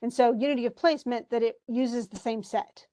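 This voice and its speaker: A woman's voice: fairly high pitch, moderate pace, mellow. A woman teaching a live online class, talking through a play in a chatty way with lots of asides. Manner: chatty, explains with asides and restarts.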